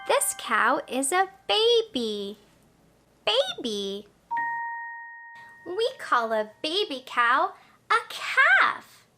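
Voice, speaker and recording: Very high, sing-song woman teaching toddlers. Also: huge pitch swings, extremely slow, pauses often, pushed and bright. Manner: exaggerated, sing-song and encouraging. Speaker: children's educator. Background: music.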